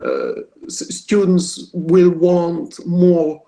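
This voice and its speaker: A man answers questions after a lecture over a video call. His voice sits high but sounds gravelly and mellow. He pauses and repeats words as he thinks aloud. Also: wildly swooping pitch, low-quality recording. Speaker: guest lecturer. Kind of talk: academic Q&A answer.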